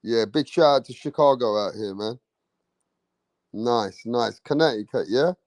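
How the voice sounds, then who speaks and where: A man's voice: medium pitch, unhurried, no echo. Brash man hyping his livestream. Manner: brash, swearing, slangy, loud hype bursts. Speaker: livestream host. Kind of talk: casual livestream chat reading viewer comments.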